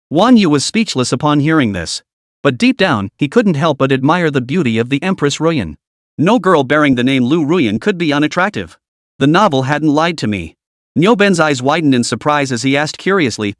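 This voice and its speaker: A man reading a scripted story recap as narrator, keeping an even storytelling read. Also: a little high, a little fast, no echo, studio quality.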